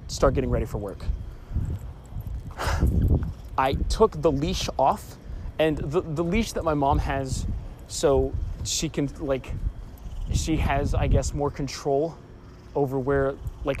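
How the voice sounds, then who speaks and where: A young man telling a story in an agitated, rambling rant, swearing often and restarting his sentences. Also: medium pitch. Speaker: vlogger. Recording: noisy street background.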